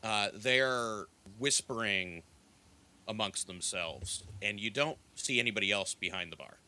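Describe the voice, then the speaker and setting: Bright-voiced man running a tabletop game. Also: on the low side, measured pace. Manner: easygoing, descriptive narration with fillers. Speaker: game master.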